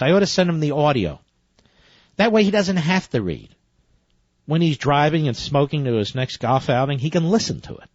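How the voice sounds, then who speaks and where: A man's voice: on the high side, no room sound. A man hosting a talk radio show, interrupting a played clip with sarcastic, combative commentary. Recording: dull lo-fi radio broadcast.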